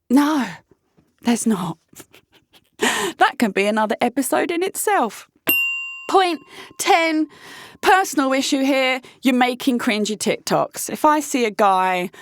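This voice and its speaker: A woman in her thirties talking about dating in a blunt, sweary, animated way that is full of laughs. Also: on the high side, dry recording, clean studio sound. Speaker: dating vlogger. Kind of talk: casual candid vlog monologue.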